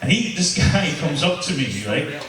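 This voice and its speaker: Swearing stand-up comic in an echoey club. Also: male voice, a little high, big pitch swings, normal speed, far from the mic. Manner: crowd-work, swearing, storytelling with punchlines. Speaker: stand-up comedian. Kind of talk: stand-up comedy set.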